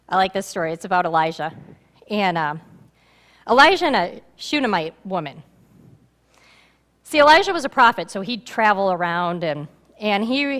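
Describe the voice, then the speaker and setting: A woman pastor preaching a sermon in a church, animated and acting out the voices of a story. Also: medium pitch. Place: church sanctuary. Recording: reverberant church hall.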